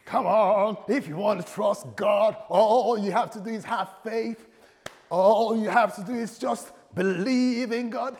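A man putting on a booming American preacher. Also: a little slow, darkish tone. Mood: exhorting. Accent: American, put on. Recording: long hall reverb.

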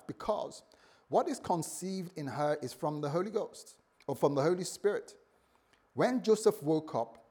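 A man preaching a morning sermon in a conversational way, joking with the congregation and acting out the story's dialogue. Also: a little mellow. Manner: conversational, playful asides to the congregation; acts out dialogue with shifting pitch and volume.

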